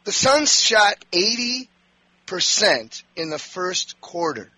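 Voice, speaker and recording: A man hosting sports talk, telling a game story in an animated, rambling way with many restarts. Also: sits high, slow pace, no room sound, poor audio. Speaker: sports radio host.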